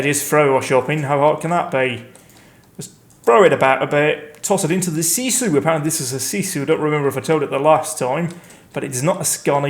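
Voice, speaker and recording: A man talks his way through a game, rambling and poking fun at himself as he goes. His voice sits a little higher than most men's. Every so often he breaks into panicked outcries. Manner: chatty, rambling, self-mocking. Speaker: let's play host. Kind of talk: gameplay commentary.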